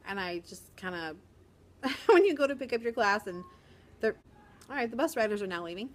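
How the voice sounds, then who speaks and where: A woman's voice: mid-range voice, animated. Chatty middle-aged woman teacher vlogging. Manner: chatty, sarcastic humor, quick laughs. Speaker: first grade teacher. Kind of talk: casual vlog chat. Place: quiet corner of a school.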